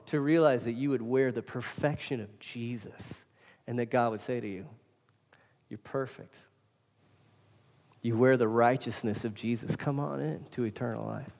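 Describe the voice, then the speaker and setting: Here a pastor with a mid-range, darkish voice preaches to his congregation, casual yet emphatic, talking right to them. Hall reverb colors the recording.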